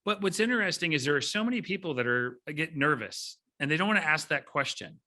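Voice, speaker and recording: A man's voice: on the high side, quick pace. A man hosting a podcast interview, chatty and upbeat in a casual conversational style. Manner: upbeat, chatty, lively delivery. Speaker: podcast host.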